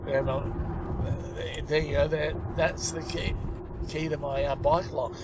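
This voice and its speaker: A man's voice: fairly high pitch, steady tone, a little slow, heavy background noise. An Australian man in his fifties, a comedian and podcast co-host, telling rambling stories in casual chat with lots of fillers.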